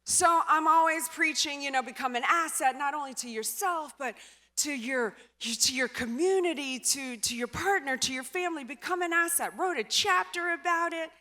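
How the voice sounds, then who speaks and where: A woman telling a story in a keynote speech, chatty and animated, full of "like" and "you know". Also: high-pitched, moderate pace. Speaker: conference speaker. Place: conference hall stage. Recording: large hall with long reverb.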